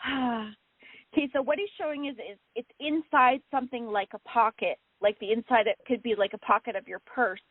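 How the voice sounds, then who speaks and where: A woman medium relays messages to callers in a soothing, reassuring way, pausing often with fillers. Her voice is fairly high. The line is dry and tinny, like a phone call. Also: no echo. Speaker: medium, co-host.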